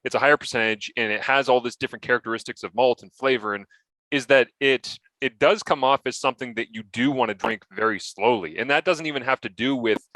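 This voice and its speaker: A man's voice: mid-range voice, fast talker, pushed and bright, no room sound, poor audio. A man hosting a casual chat, talking enthusiastically as an interviewer. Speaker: host.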